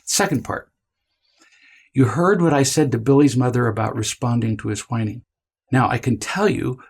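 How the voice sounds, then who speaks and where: Gravelly man teaching parents. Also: mid-range voice, darkish tone. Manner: deliberate, emphatic, puts on whiny child voices in quotes. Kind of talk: lecture to parents.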